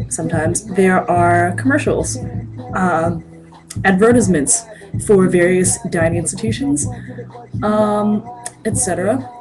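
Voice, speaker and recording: A woman's voice: fairly low pitch, rough recording. A woman ranting casually to camera in a late-night vlog, rambling and hesitant with frequent filler words. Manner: rambling, hesitant, many ums and restarts.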